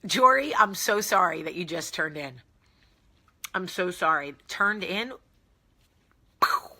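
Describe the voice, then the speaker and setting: Jersey woman host, bright forceful voice, blunt and jokey, casual live chat. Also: fairly low pitch, animated, takes it slowly. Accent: New Jersey. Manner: candid, jokey, blunt, sometimes profane.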